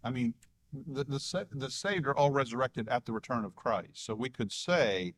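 A man's voice: mid-range voice, moderate pace, fairly bright tone. A man leading a casual church group discussion about a statement of belief, talking hesitantly with many restarts and small chuckles.

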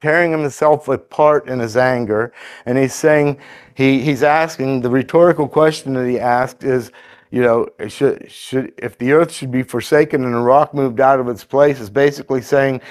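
A man preaching a sermon in a conversational, halting way, with fillers and restarts, who reads scripture aloud in a steadier cadence. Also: mid-range voice, steady tone, no echo.

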